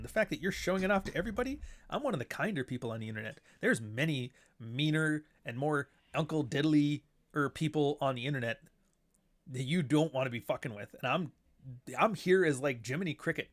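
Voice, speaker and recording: A blunt, foul-mouthed man talks straight through a casual monologue as host of his own show. His voice sits a little higher than most men's. He slips into mocking put-on voices when he quotes others. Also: expressive, brisk.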